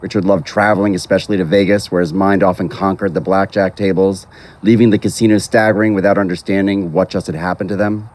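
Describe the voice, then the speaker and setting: A man officiating at an outdoor graveside, delivering a formal, measured prepared eulogy. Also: deep voice, flat delivery, darkish tone. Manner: measured, formal, reading from a text.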